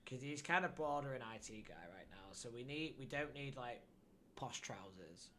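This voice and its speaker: A man's voice: mid-range voice, expressive, moderate pace, sharp tone, a little hiss or hum. A young man streaming live, chatting casually and thinking aloud while building a character.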